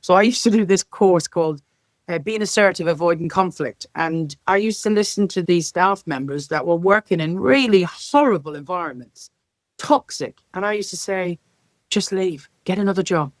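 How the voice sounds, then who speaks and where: A middle-aged woman from Ireland, a care sector leader, telling lively stories as a podcast guest and acting out the dialogue in them. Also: lowish voice, moderate pace, no room sound. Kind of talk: podcast interview storytelling.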